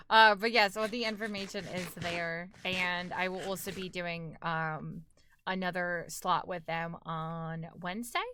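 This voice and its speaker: A woman's voice: lowish voice, steady tone, a little slow, bright, forceful tone, smooth, dry recording. A young woman streaming a game live, chatting casually with lots of fillers and self-corrections. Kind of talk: casual live-stream chat while gaming.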